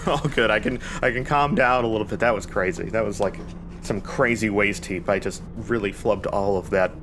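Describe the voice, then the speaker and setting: A man's voice: on the low side, normal speed, background noise. A young man giving rambling, panicky commentary while playing a video game, talking to himself. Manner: panicky, rambling, self-talking with nervous laughs. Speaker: gaming YouTuber. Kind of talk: live gameplay commentary.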